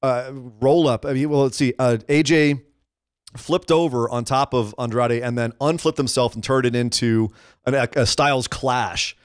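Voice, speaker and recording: Excitable man recapping wrestling. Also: medium pitch, moderate pace, clear, resonant tone, dry recording, studio quality. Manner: excitable, rambling with restarts. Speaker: podcast co-host. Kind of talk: casual wrestling chat.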